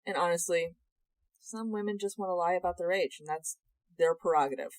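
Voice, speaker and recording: A young woman with a slightly low voice co-hosts a casual podcast chat, animated and sarcastic, swearing freely. Her voice sits dry and close to the mic. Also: fairly quick, no room sound, poor audio. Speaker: podcast co-host.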